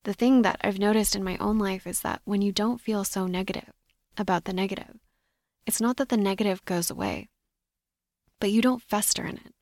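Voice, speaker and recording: A woman hosting a solo podcast, talking in a measured, reflective coaching tone. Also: mid-range voice, creaky, a little mellow, dry recording, clean studio sound. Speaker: podcast host.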